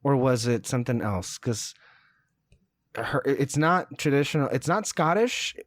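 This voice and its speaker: Hesitant man with a lively pitch. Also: a little slow, no room sound. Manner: hesitant, many fillers and self-corrections. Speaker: podcast co-host reviewing a TV series. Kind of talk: casual podcast chat.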